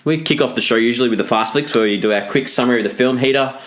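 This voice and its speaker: A man's voice: medium pitch, very fast, a bit bright. A man hosting a casual podcast, introducing the show and laughing often. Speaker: podcast host.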